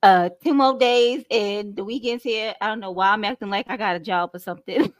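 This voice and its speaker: A woman co-hosting a podcast in casual chat, blunt and joking and quick to laugh. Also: medium pitch, dry recording. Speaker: podcast co-host.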